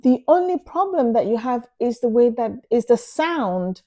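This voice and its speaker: A woman's voice: fairly high pitch, big pitch swings, normal speed, mellow. A woman giving casual advice to her viewers in an earnest, emphatic way, repeating phrases for stress. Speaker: vlogger. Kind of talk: casual advice talk to camera.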